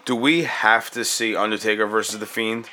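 A man's voice: on the low side, fairly even intonation, normal speed, bright, forceful tone, slight background noise. A man co-hosting a casual podcast about wrestling, laid-back and agreeable, swearing casually. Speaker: podcast co-host. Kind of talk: casual wrestling watch-along chat.

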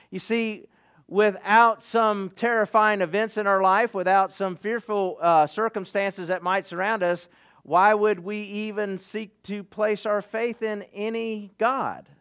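Male pastor, high voice, earnest sermon delivery, halting with restarts. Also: a bit bright, clean tone.

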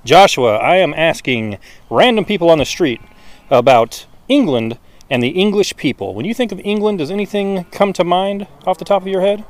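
A man's voice: high voice, lively intonation, moderate pace. A man doing casual street interviews outdoors, chatty, swearing casually and laughing often.

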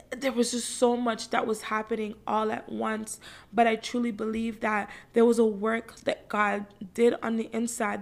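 Fervent, fairly high-voiced woman host. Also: gravelly. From Caribbean. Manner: fervent, conversational, repeats phrases for emphasis. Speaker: podcast host. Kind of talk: faith-based encouragement talk.

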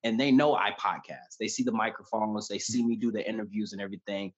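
A man's voice: on the low side, fast talker, highs cut off. A man in his thirties telling personal stories with earnest emotion in a candid conversation. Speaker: podcast guest.

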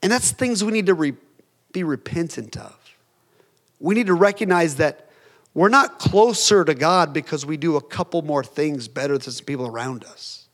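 A man's voice: fairly high pitch, normal speed. Conversational male pastor preaching. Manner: conversational, animated preaching with acted-out quotes. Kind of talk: sermon.

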